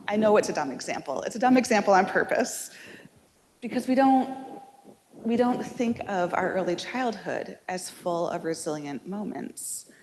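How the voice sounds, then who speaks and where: A woman giving a public lecture, casual and self-deprecating, with many fillers and restarts. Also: mid-range voice. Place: lecture hall. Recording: reverberant hall, audible background noise.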